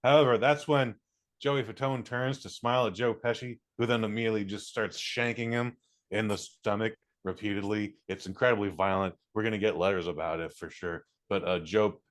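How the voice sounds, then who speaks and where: A man's voice: lowish voice, fairly even intonation, fairly quick. A man co-hosting a podcast in casual banter, a rambling storyteller who laughs easily. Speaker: podcast co-host.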